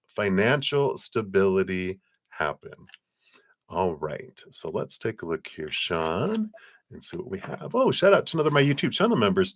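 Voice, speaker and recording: A very deep-voiced man gives a relaxed, chatty live tarot reading, laughing easily and reading card texts aloud. His voice sits close and dry on the mic, with hardly any room sound. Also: no room sound.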